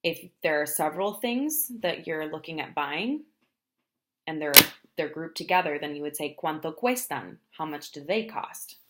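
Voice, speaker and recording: A woman teaching travel phrases in a language lesson, explaining each phrase and then saying it slowly, often twice. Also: sits low, lively intonation, very noisy. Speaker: Spanish teacher.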